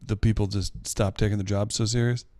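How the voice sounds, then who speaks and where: A man's voice: fairly low pitch, flat delivery, brisk, darkish tone. A man co-hosting a comedy podcast, chatting casually and reacting in an easygoing, dry way. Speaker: podcast co-host. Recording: music playing clearly behind.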